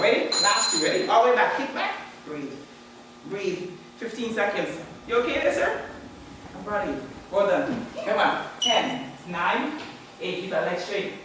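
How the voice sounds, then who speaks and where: A woman fitness instructor leading a live exercise demo, counting down and urging her group on. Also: mid-range voice. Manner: energetic coaching, counting down and urging. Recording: echoey distant room recording with noise.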